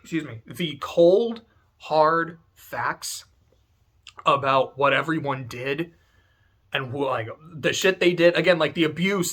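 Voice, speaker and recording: A man's voice: fairly high pitch, takes it slowly, a bit bright. A man talking through a story in casual, rambling commentary, full of fillers and swearing, at home. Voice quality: chatty, swears, many "like" fillers. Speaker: video essay host. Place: home room.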